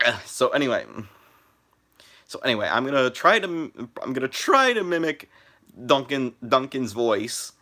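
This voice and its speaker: A young man talks through his first live stream in a loose, rambling way. He keeps restarting his sentences and padding them with fillers. His voice sounds bright and forceful at a middle pitch. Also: very animated, moderate pace. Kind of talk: casual live stream chat.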